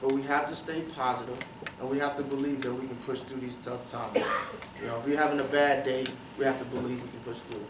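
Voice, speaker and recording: A man's voice: medium pitch, little pitch movement, fast, very noisy. A man giving a motivational storytelling talk to a young audience, quizzing them with questions and repeating phrases for emphasis. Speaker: guest speaker at a youth cricket academy. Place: large room with an audience. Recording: roomy, distant, faint ambience.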